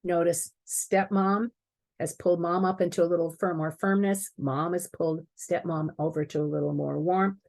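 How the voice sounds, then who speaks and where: A woman giving a prepared talk on stepfamily life, explaining earnestly and clearing her throat now and then. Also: on the low side, fairly even intonation, normal speed, a little mellow.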